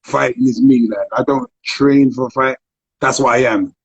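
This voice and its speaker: Husky man on a phone call. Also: medium pitch, steady tone, normal speed. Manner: laid-back, repeats himself, asks for agreement. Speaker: guest, MMA fighter and dog trainer. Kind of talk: casual video call chat. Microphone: phone on video call.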